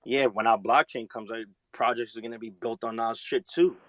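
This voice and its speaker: A man's voice: medium pitch, steady tone, moderate pace, no echo, poor audio. A man defending his crypto project in a casual debate, slangy and defensive. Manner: defensive, slangy, says "bro".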